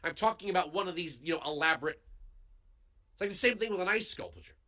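Fired-up guy ranting on his talk show, high bright voice, studio mic. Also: fast. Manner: heated, emphatic, swings into yelling. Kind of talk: political commentary monologue. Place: radio studio. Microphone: studio broadcast microphone.

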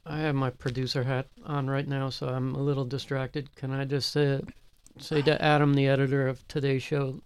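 A man's voice: mid-range voice, flat delivery, moderate pace, clean tone. A man who produces a comedy podcast, chatting in a hesitant, self-conscious way. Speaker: show producer. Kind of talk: casual podcast chat.

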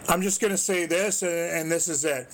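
A man's voice: on the high side, moderate pace, slight background noise, poor audio. A man co-hosting a sports talk radio show, earnest and praising, repeating his phrases.

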